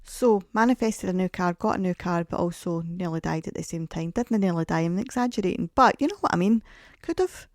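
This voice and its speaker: Gravelly woman rambling on a podcast. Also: fairly low pitch, expressive, fairly quick, dry recording, clean studio sound. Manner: chatty, rambling storyteller, self-mocking. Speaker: podcast host. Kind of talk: casual podcast monologue.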